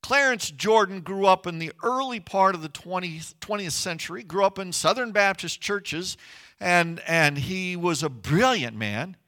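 A man's voice: high voice, a little slow, sharp tone. A middle-aged man preaching a sermon as pastor, earnest and conversational, with emphatic rises.

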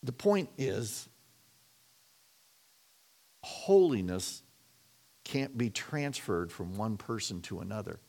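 A man's voice: fairly low pitch, very animated, slow pace, creaky, long pauses, a little mellow. A middle-aged man preaching a sermon in a conversational way, often repeating and restarting his words. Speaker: pastor.

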